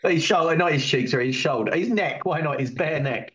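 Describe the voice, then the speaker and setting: A man playing a tabletop game, animated and jokingly grumbling. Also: fairly high pitch, fairly quick, muffled recording. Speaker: player.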